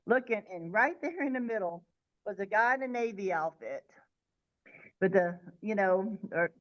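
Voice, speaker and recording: A woman's voice: mid-range voice, lo-fi sound. A woman, an interview guest, vividly recounting a childhood spiritual experience. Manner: vivid, animated, quick, sometimes restarting. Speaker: guest sharing her near-death experience. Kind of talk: personal storytelling in an interview.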